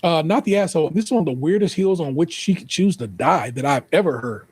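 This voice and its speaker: A man's voice: fairly high pitch, animated, fast talker, darkish tone, breathy edge, dry recording. A man with an American accent reading an online post aloud, then joking through profane commentary and spelling out the typos. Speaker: podcast host.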